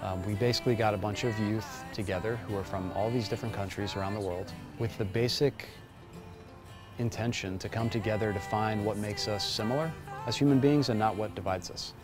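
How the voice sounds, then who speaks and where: A man's voice: lowish voice, fairly even intonation, a little fast. A man explaining the program he organizes in an upbeat, emphatic way. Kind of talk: promotional interview. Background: music.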